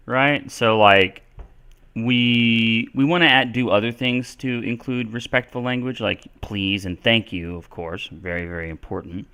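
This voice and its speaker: A man's voice: mid-range voice, fairly even intonation, a little slow, sharp tone, clean tone. A man answering English questions on a live stream, casual and thinking aloud with lots of fillers. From Texas. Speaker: English teacher.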